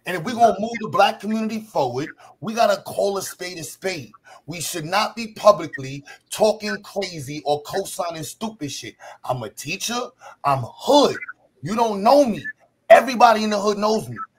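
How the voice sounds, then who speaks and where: A man's voice: sits high, expressive, normal speed, a little hiss or hum. A man hosting an online panel argument, blunt, profane and lecturing over a call mic.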